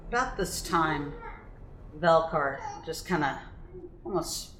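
A woman narrating a tabletop game as game master in a measured storytelling way. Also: deep voice, fairly bright tone, a little hiss or hum. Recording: echoey room with faint music.

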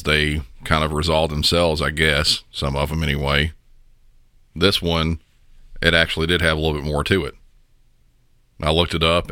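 Male podcast host, very deep and smooth voice, blunt opinionated commentary. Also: pushed and bright, no room sound, studio quality. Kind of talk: casual commentary.

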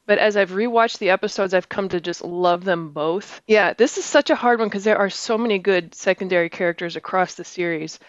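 A woman's voice: medium pitch, brisk, few pauses, no room sound. Wry female panelist, muffled dry lo-fi audio. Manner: wry, giggly. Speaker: podcast co-host. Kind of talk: casual chat. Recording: dull dry lo-fi.

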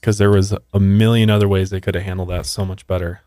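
A man with a very low voice talks as a podcast co-host, blunt and indignant, cursing freely. His sound is dry and close, with no room around it. He speaks in a casual, conversational way. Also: level tone, fast talker, dark tone, no echo. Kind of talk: casual chat.

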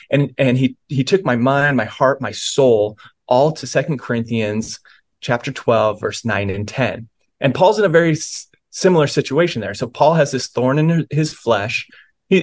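A middle-aged pastor talks through his testimony with earnest warmth, often restarting a phrase as he thinks. His voice sits at an ordinary man's pitch. He speaks as a guest in a reflective conversation. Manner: earnest, many small restarts.

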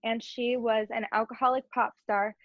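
A young adult woman, a podcast guest, telling her story in a chatty, expressive way. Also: on the high side, normal speed, dry recording. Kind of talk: conversational interview. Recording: dull, dry lo-fi audio.

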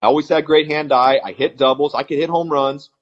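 Man, forties, husky voice, blunt, animated storytelling, dull lo-fi audio. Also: on the high side. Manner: blunt, animated, fast-flowing anecdotes. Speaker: retired baseball player, guest. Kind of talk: podcast interview storytelling.

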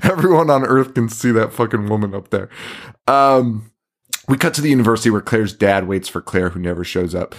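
A man co-hosting a podcast, recapping a movie in casual chat, swearing a lot, laughing and acting out scenes in quick put-on voices. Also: fairly low pitch, animated. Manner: profane, laughing, acts out scenes in quoted voices. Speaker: podcast co-host.

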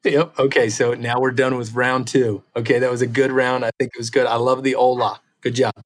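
A man's voice: mid-range voice, little pitch movement, brisk. Upbeat man running a quiz. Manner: upbeat, encouraging, chuckling between questions. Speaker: podcast co-host asking quiz questions. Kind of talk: casual podcast chat.

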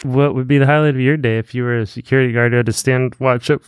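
A man's voice: mid-range voice, steady tone, fast talker, clean tone, no echo. Wry man bantering on a podcast. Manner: wry, playful teasing. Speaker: podcast co-host. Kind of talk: casual chat.

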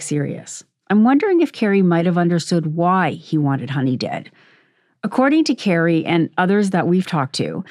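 Low-voiced woman narrating a documentary. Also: darkish tone, no room sound, clean studio sound. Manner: measured, serious delivery. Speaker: podcast host and narrator.

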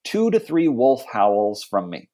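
A man's voice: mid-range voice, big pitch swings, slow. A man co-hosting a podcast in casual chat from home, rambling with lots of fillers and playful asides. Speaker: podcast co-host.

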